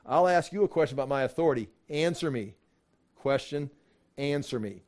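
A man teaching a casual Bible study, acting out the dialogue in his own voice and laughing as he gets animated. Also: mid-range voice, normal speed.

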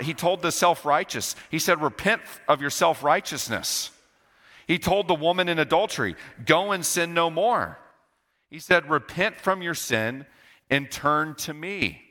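Emphatic preacher, bright voice in a hall. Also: male voice. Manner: emphatic, repeats key phrases, swings between loud and low. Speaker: pastor. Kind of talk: sermon. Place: church sanctuary. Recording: long church hall reverb.

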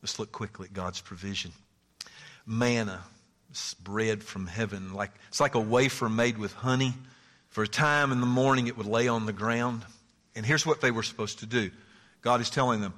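Animated preacher man in a reverberant hall. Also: mid-range voice, moderate pace. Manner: swings from loud exclamations to hushed asides, laughs often. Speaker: pastor. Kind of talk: sermon.

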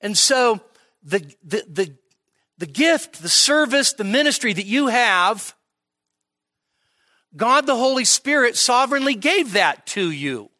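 A male pastor teaching an expository sermon at a midweek church service, conversational and emphatic, checking in with "okay?" and slowing down to stress key phrases. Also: very high-pitched, sing-song, sharp tone.

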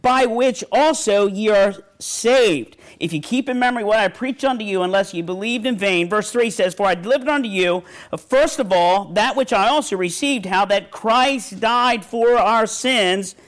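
A man's voice: sits high, normal speed, few pauses, fairly bright tone. A middle-aged male pastor preaching a sermon in a folksy storytelling way, quoting scripture and restarting phrases.

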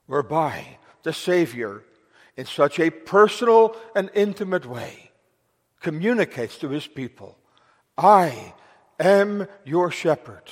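A male pastor delivers a grave, pleading sermon with slow, weighty emphasis and a voice pitched a little high. His words ring out with the long reverb of a church sanctuary. He moves into formal prayer with archaic phrasing. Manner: solemn, urgent preaching with slow emphatic pauses.

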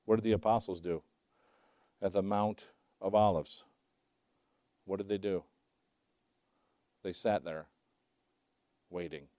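A preaching man in his sixties who asks rhetorical questions and swings between loud emphasis and hushed asides. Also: deep voice, slow pace, long pauses, no echo, clean studio sound. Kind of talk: sermon.

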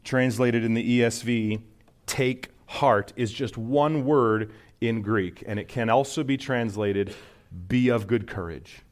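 A man preaching a sermon in an earnest teaching manner, rising sharply on emphatic points. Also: medium pitch. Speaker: pastor.

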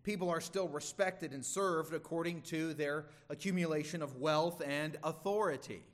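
Male pastor, slightly high voice, earnest emphatic sermon delivery. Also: normal speed. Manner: earnest, emphatic preaching with some stumbles.

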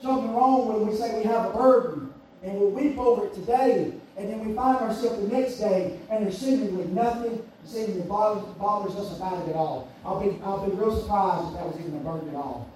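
A preacher man with a high voice pounds on repeated phrases, rising to shouts and then dropping to near-whispers. He sounds distant from the microphone in a very echoey church, with faint hiss underneath. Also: fairly quick. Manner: emphatic and repetitive, swinging from shouts to hushed tones. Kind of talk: sermon. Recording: echoey room, voice far from mic, faint hiss.

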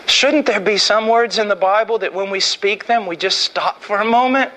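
A middle-aged man delivers a fervent sermon, shifting between quiet, unhurried phrases and loud, shouted passages. His voice sits high in pitch.

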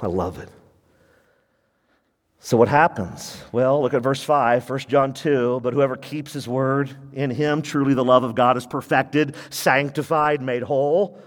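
In a church sanctuary, a male pastor delivers an animated sermon, posing questions to the congregation and answering them himself. He swings between loud emphasis and sudden low, quiet warnings. The recording carries the long reverb of a church hall.

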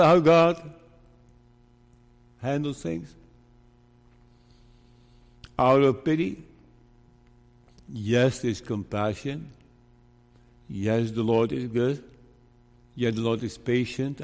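Slow, emphatic preacher in a reverberant hall. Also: male voice, medium pitch, a little mellow. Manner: deliberate, emphatic preaching with rhetorical questions. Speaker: pastor. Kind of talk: sermon. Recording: long reverb of a large hall.

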